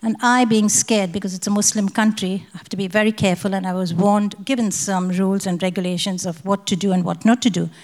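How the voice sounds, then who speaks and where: A woman's voice: mid-range voice, steady tone, a little fast, few pauses, darkish tone, big-room sound, poor audio. A woman from India, giving a spoken personal testimony at a prayer conference and acting out the dialogue as she tells it. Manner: vivid storytelling, acting out the dialogue.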